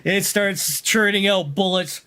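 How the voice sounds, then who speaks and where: A man narrating a sci-fi tabletop game as game master, describing the scene in a slow, drawn-out way. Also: sits high, noisy background.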